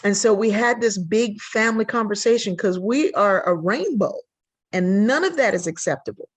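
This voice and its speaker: With a husky, medium-pitched voice at normal speed, an older woman who is a sociologist shares stories during a podcast interview. She brings energy to them, acting out the quoted voices.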